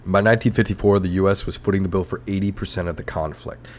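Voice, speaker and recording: Fast-talking with a low, fairly even voice, the host of a comedic history podcast rambles sarcastically and launches into regular profane rants. There's a little hiss or hum in the recording.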